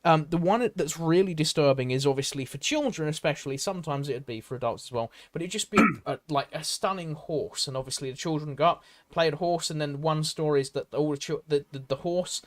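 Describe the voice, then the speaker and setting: A British man hosting a casual podcast, telling folklore stories in a rambling, enthusiastic way with lots of fillers. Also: on the high side. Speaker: podcast host. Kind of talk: casual chat.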